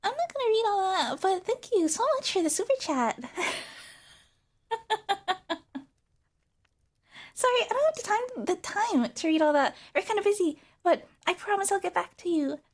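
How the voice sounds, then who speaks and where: A woman's voice: very high-pitched, sing-song, a little fast, few pauses, voice pushed up, exaggerated voice. A woman voicing a cute, careless anime-girl streamer who thanks donors in a breezy, dismissive way. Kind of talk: streamer parody on an ASMR stream.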